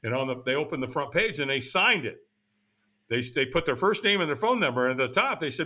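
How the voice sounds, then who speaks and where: Blunt older guy telling his story on a podcast, bright edgy voice, swears casually. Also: fairly high pitch, animated, fast. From United States. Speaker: podcast guest. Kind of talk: candid personal storytelling.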